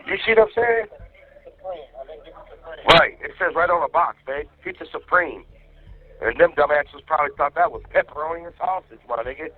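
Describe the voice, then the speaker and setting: A man's voice: fairly high pitch, a little fast. A man calling his wife from jail, venting in a heated, profane way. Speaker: inmate on a jail phone call. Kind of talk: phone call to his wife. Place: jail phone. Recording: tinny jail phone line, faint music.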